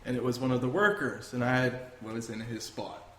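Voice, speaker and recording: A young man, a guest telling travel stories in an animated, rambling, self-amused way. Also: mid-range voice, a little fast. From Canada. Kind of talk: casual storytelling. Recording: echoey room, faint noise.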